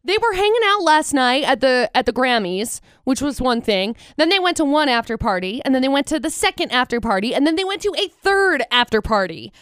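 A woman co-hosting a radio show, gossiping in an expressive, emphatic way. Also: high-pitched, brisk, hardly any pauses, clean tone, dry recording, clean studio sound. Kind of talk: casual radio banter.

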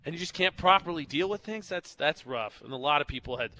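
A man's voice: a little high, expressive, fairly quick, sharp tone. A young man hosting a morning radio show, telling stories in a joking, chatty way from the studio. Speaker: radio host. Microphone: studio mic.

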